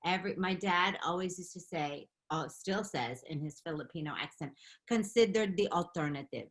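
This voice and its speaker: A middle-aged woman telling stories in a casual interview, animated and quick to laugh. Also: sits low. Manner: animated, laughing, chatty storytelling. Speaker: interview guest, makeup artist and beauty founder.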